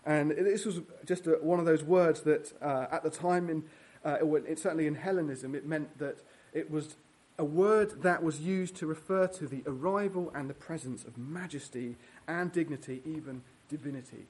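Male preacher, slightly high voice, earnest, teaching a sermon verse by verse. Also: normal speed, darkish tone. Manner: earnest, prays, teaches verse by verse with fillers and restarts. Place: church.

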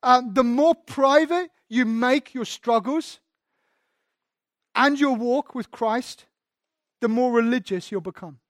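A man's voice: very high-pitched, slow pace, pauses often, no echo, studio quality. A man preaching a sermon as pastor, candid and self-deprecating, often restarting his sentences.

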